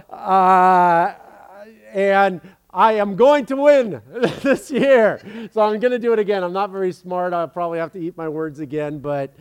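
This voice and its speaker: A man's voice: high voice, clear, resonant tone. A man preaching as pastor to his congregation in a casual, joking way, with many fillers and restarts.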